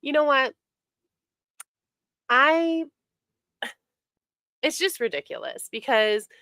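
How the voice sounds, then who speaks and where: A woman streaming from home who talks slowly and with scorn, her voice a little high. She stays sarcastic and indignant, and at times she mimics the people she criticizes. The sound is close and dry, with no room echo. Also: fairly bright tone. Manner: indignant, sarcastic, mocking imitations. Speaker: streamer reacting to online drama. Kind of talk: casual livestream commentary.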